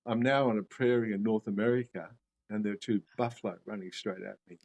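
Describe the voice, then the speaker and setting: Australian man telling stories, lower voice. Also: fairly quick, rough recording. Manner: animated storyteller who acts out his past reactions. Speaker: guest, shamanism teacher. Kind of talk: casual storytelling interview.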